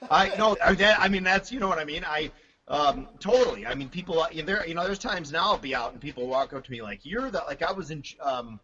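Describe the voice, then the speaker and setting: A man guest on a drum talk stream, telling stories with lots of laughter and halting restarts. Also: a little high, muffled recording. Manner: animated storyteller, laughs often, halting restarts. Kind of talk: casual chat.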